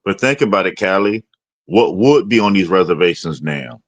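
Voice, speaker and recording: A man with a low voice joins a livestream conversation. He speaks in a steady, deliberate way and builds his point through leading questions. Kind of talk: casual livestream talk.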